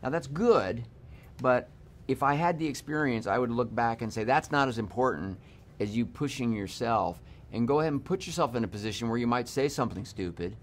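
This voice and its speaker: A male director reflects calmly on lessons from his career. His voice sits mid-range and steady. He speaks in a measured, considered way. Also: medium pitch, a little hiss or hum. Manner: thoughtful, measured advice. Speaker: film director guest. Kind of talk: press junket interview.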